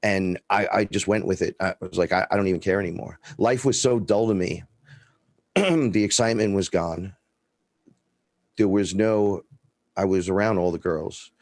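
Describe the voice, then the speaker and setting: A man's voice: deep voice, a little slow, long pauses, no echo. A middle-aged man from the Bronx, telling personal stories as a guest and acting out the dialogue. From the Bronx, New York. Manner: animated storyteller, acts out quoted dialogue, swears freely. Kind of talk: casual storytelling.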